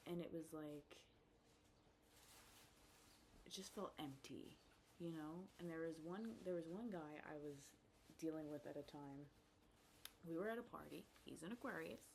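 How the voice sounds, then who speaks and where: A woman's voice: deep voice, gravelly, slight background noise. Blunt, profane young woman ranting. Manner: blunt, profane, exasperated, swings between muttering and loud outbursts. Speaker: vlogger. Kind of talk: casual storytime rant.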